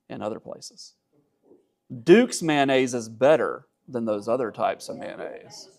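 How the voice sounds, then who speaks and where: Gravelly-voiced man lecturing on church history. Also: medium pitch. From Georgia. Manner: conversational, dry asides, frequent "uh" fillers. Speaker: teacher.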